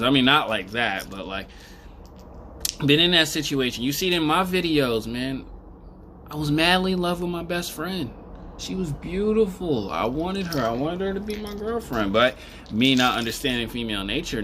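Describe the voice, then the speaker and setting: A man chatting casually as a vlogger in a bright, forceful voice, taking his time over every point. He rambles, chuckles and restarts himself, then leans hard on emphatic statements. His delivery is loose and animated. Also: on the high side, slight background noise. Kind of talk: casual commentary.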